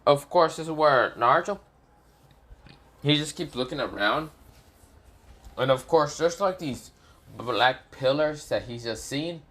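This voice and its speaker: A man's voice: fairly high pitch, animated, a little slow, long pauses, fairly bright tone. A man casually narrating an improvised fan story, rambling with fillers and self-corrections.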